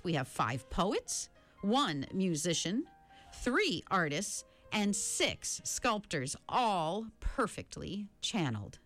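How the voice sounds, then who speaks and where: A woman's voice: fairly low pitch, fairly bright tone. A woman reading the part of an anxious boy newspaper carrier who recites his words stiffly, as if from a manual.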